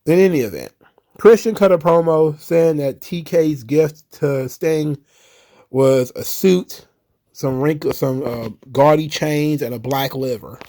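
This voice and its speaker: A man's voice: a little high, unhurried, warm tone. A man casually recapping wrestling shows, chatty and chuckling, with frequent fillers. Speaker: wrestling commentary host.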